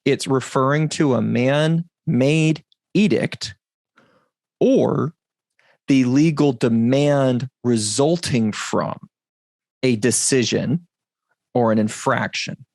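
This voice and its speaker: Deliberate, emphatic male podcast teacher. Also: mid-range voice, gravelly, a little mellow, dry recording. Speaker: podcast host.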